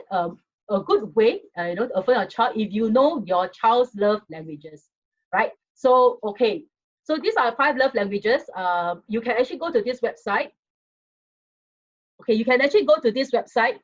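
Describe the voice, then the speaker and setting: A woman with a Singaporean accent giving a parenting talk over a video call, conversational and full of fillers, speaking directly to her audience. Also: a little high. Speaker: webinar speaker. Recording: dull lo-fi video call audio.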